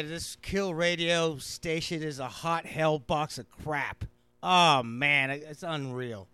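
High, smooth-voiced radio cooking host. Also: male voice, lively intonation, sharp tone, dry recording. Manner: rambling, self-mocking, rushed. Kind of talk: fast casual radio chat.

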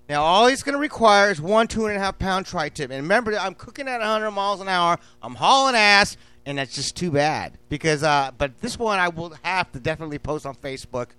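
Excitable, crude male cooking-show host with a high, dry, close voice. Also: clear, resonant tone, no echo. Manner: rambling, crude and excitable, with sudden loud bursts. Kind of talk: casual cooking talk. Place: outdoors at a barbecue.

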